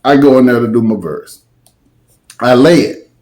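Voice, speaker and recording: A man's voice: medium pitch, moderate pace, a little mellow. A man telling a story in a casual, slangy way, with dramatic asides.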